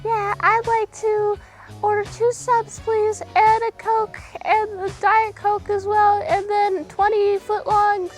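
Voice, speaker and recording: A woman voicing a sweet young blonde shop girl in a very high, sugary voice. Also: little pitch movement, slow, faint music behind.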